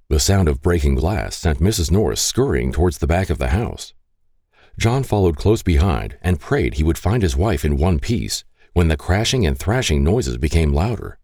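A man narrating an audiobook in an expressive way. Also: a bass voice, moderate pace, dry recording, clean studio sound.

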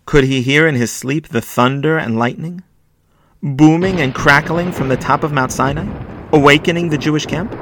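A man narrating a children's story expressively, slowing and hushing for sad moments. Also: mid-range voice, noisy background. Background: faint violin music.

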